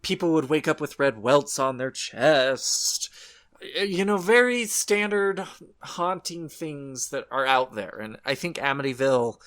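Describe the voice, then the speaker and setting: A man's voice: a little high, animated, measured pace, fairly bright tone. A man co-hosting a horror podcast, chatting casually and rambling, correcting his own slips. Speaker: podcast co-host.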